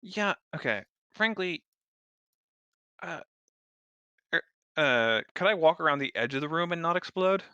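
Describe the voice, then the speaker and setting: A blunt male player who swears freely in casual tabletop chat. His voice is bright and dry on a close mic. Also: fairly high pitch, animated, unhurried, long pauses, clear, resonant tone, dry recording, muffled recording.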